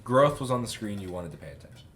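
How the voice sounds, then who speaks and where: A young man co-hosting a casual movie chat, relaxed, often trailing off quietly at the ends of his thoughts. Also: fairly low pitch, quick pace, a little hiss or hum. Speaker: podcast co-host.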